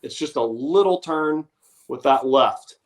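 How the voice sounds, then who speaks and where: A man's voice: mid-range voice, unhurried. A man in his thirties, a guest in a casual sports chat, explaining technique in a frank, self-deprecating way. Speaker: guest, former punter.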